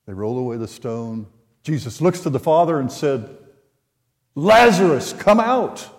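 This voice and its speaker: An older man preaching a sermon, retelling a scripture story in an unhurried way and voicing the quoted lines. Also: medium pitch, animated, dark tone. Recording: long hall reverb.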